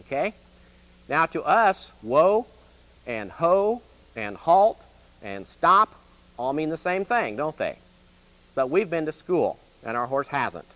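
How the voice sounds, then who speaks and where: A man's voice: on the high side, big pitch swings, slow, long pauses, sharp tone. Folksy Midwestern man teaching horse training. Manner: folksy, plain-spoken, checks in with "okay?". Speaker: extension educator.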